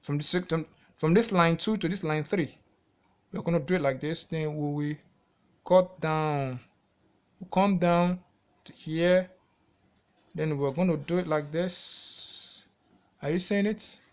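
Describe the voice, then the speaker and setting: A music teacher with a Nigerian English accent and a fairly high voice walks through a lesson step by step. He repeats key points and keeps checking in with the viewer through questions he then answers himself. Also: unhurried, pauses often, darkish tone, muffled recording. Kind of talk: classroom-style music theory lesson.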